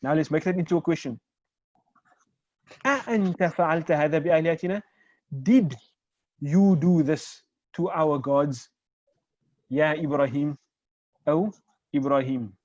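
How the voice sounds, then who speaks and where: A man's voice: on the high side, brisk, long pauses, darkish tone, dry recording. A man teaching an online Arabic class, explaining step by step and checking that his students follow. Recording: dull, lo-fi video call audio.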